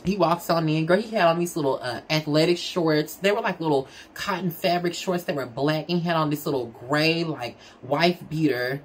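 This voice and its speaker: A woman telling a personal story in a casual, candid, chatty way, talking straight to her audience. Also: husky. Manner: chatty, candid, addresses the audience as "girl" and "y'all"; animated, with big swings in pitch. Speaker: storyteller vlogger.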